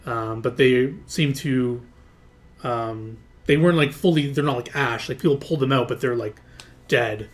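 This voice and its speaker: Running a tabletop session, a male game master narrates casually, his speech loose and full of hedges and filler words. His voice is mid-range and his speed normal.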